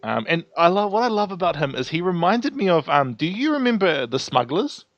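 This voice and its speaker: A man's voice: sits high, big pitch swings, fairly quick, a bit bright, lo-fi sound. Eager, opinionated man chatting on a podcast. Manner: eager, opinionated, corrects himself. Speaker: podcast co-host. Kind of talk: casual chat.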